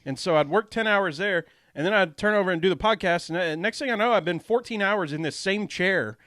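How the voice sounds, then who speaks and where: A man hosts a podcast, telling stories in a relaxed way, full of "uh" and "like". His voice sits a little high for a man. The mic sound is close and dry. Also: brisk, no echo. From Atlanta area, US. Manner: laid-back, storytelling, drawling fillers. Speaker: podcast host. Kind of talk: casual podcast chat.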